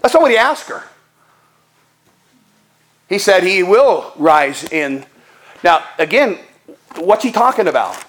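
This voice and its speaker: A man's voice: sits high, big pitch swings, takes it slowly, pauses often, fairly bright tone. A male pastor preaching a sermon in a folksy, emphatic, conversational way.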